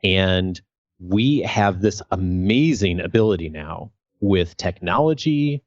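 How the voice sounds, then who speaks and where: A man speaking as a guest on a podcast, earnest and measured, explaining his work with gratitude. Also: low voice, expressive, no room sound, highs cut off. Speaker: podcast guest, leadership coach. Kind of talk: conversational interview.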